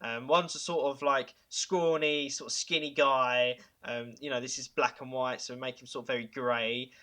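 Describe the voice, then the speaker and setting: A man hosting a podcast, pitching ideas in casual chat, enthusiastic and chuckling, with halting fillers. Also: fairly even intonation, pushed and bright. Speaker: podcast host.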